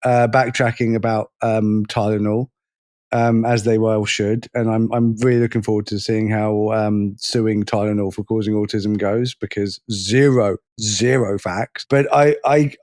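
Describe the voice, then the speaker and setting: A man's voice: on the low side, level tone, a little slow, a little mellow, no echo. Sarcastic man, dry close sound. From Britain. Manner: sarcastic, swears freely, stumbles and restarts. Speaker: podcast co-host. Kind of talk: casual podcast chat.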